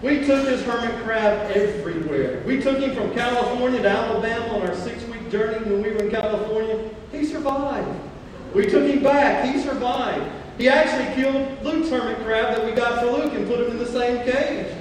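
A male pastor preaching a sermon, slowing down to stress key phrases and mixing scripture with stories about his own family. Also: extremely high pitch, slight background noise. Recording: echoey hall, mic far off.

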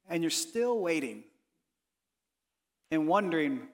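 High-voiced man preaching in a reverberant hall. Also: sing-song, unhurried, pauses often. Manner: earnest, voice drops soft on reflective lines and rises on pleading quotes. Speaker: pastor. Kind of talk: sermon.

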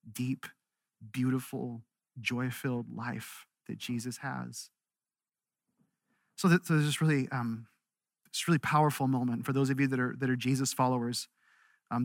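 Male pastor, sermon delivery, earnest, slightly high pitch, dry close sound. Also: no echo. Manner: earnest, builds up then drops to a hush.

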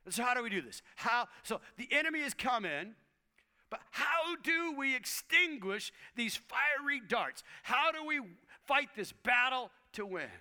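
A middle-aged man preaching a sermon, emphatic, repeating phrases and swinging from loud to whispers. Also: very high voice, lively intonation, unhurried.

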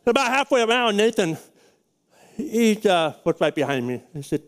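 A man's voice: high voice, very animated, moderate pace. A middle-aged male pastor telling a personal story in a sermon, folksy and rambling, with frequent restarts.

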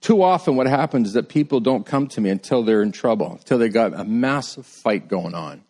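A middle-aged man preaches a sermon as a pastor, talking to his congregation in a loose, conversational way at a mid-range pitch. When he quotes people his voice leaps upward, and for weighty points he drops low and soft. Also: lively intonation, brisk. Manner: conversational, rises high when quoting people, drops low and quiet for emphasis.

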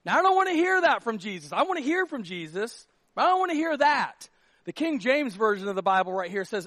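A man's voice: extremely high pitch, moderate pace, dry recording, studio quality. A man, a pastor, preaching a casual, humorous sermon and acting out little scenes. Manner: animated, jokey, acts out quotes.

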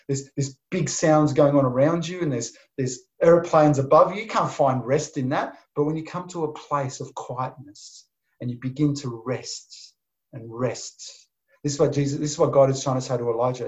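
A man preaching a sermon, swinging from emphatic bursts to soft, near-whispered lines. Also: mid-range voice, moderate pace. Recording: dull lo-fi sound.

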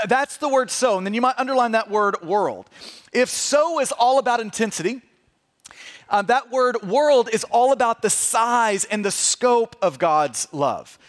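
A man's voice: very high-pitched, expressive, moderate pace, in a large hall. A man preaching a sermon as pastor, emphatic, stressing words with swells and drops, often repeating and restarting words. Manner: emphatic preaching, dropping to hushed tones for stress.

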